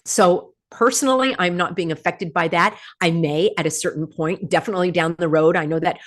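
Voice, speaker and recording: Host: American woman, lowish voice, snarky and animated with viewers. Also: a little fast. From United States. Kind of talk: livestream monologue.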